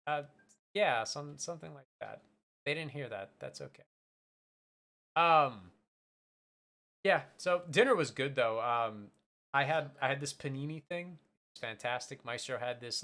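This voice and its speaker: A man's voice: mid-range voice, a little slow, pauses often, sharp tone. A man streaming, chatting casually and telling a rambling story with many restarts. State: voice changed by a bite on the throat.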